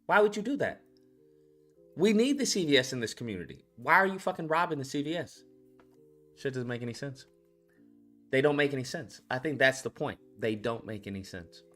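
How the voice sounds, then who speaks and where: A man hosting a satirical call-in show, brash and mocking, now and then breaking into loud chants. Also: mid-range voice, expressive, a little fast, long pauses, soft background music.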